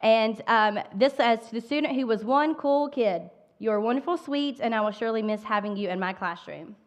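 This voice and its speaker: A woman's voice: a little high, a little fast. A woman teacher speaking affectionately to her students while giving out class awards at a church service. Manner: warm, affectionate. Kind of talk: award ceremony speech. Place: church sanctuary.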